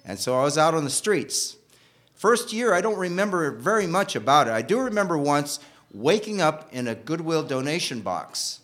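A man telling a personal story, animated, swinging from loud bursts to hushed asides. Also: a little high, normal speed.

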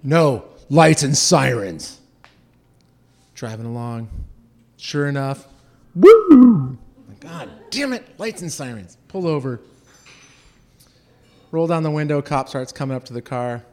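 This man, from Southern California, has a medium-pitched voice, a moderate pace and long pauses. He animatedly shares a personal story, mimicking the voices of its characters.

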